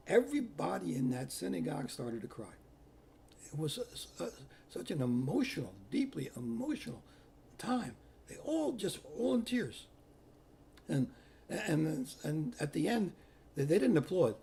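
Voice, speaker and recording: An older man, a priest telling personal stories in an animated way, acting out what people said. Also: fairly high pitch, normal speed, gravelly. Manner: animated, repeats himself, acts out quotes. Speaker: Catholic priest. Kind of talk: personal storytelling.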